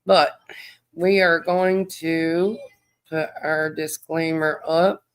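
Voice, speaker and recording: A woman's voice: sits low, level tone, slow, smooth. A tired woman, hosting a true crime livestream in a rambling, chatty way and greeting viewers by name. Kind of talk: casual livestream chat.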